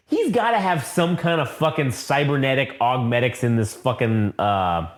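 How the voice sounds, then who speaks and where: A man co-hosting a casual comic book review, profane and animated as he retells the story. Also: mid-range voice, moderate pace, hardly any pauses. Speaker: podcast co-host. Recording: echoey room.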